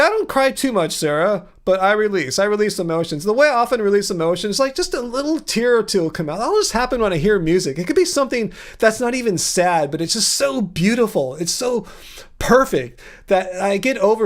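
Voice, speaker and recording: A man's voice: high-pitched, expressive, brisk. A man hosting a casual livestream, answering viewer comments in a chatty, earnest way, thinking aloud with frequent restarts. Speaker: livestream host.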